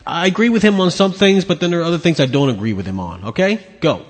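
A man's voice: fairly high pitch, lively intonation, quick pace, a little hiss or hum. A man hosting a podcast, ranting angrily and crudely as he comments on video clips. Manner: angry, profane, mocking. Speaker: podcast host. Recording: long hall reverb.

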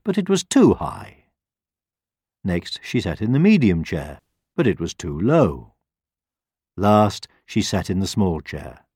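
Slow, animated male storybook narrator. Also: fairly low pitch, slightly rough, dry recording, clean studio sound. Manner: slow and very expressive, rising and falling. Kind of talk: scripted children's story narration.

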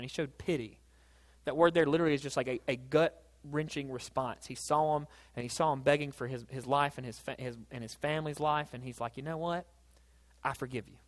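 Animated casual male preacher. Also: on the high side. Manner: casual, animated storytelling with rising excited peaks. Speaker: pastor. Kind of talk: sermon.

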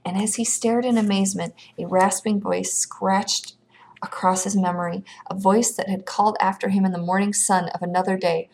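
A woman reading a children's fantasy novel aloud, her storytelling steady and expressive. Her voice sits at a mid pitch for a woman, and she carries the narration at an even, unhurried flow. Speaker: audiobook reader.

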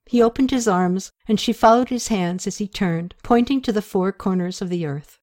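A woman narrates an audiobook chapter at a medium pitch. She tells the story in a steady, expressive way. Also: normal speed, few pauses.

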